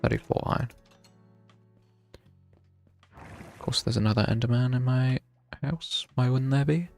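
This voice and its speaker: A young man talks his way through a game stream, counting out loud and laughing at his own bad luck. His voice sits at an ordinary pitch with a gravelly edge. Quiet music plays behind him. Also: unhurried. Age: young adult. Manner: chatty, thinks aloud while playing, wry self-mockery. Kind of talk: casual live gameplay commentary.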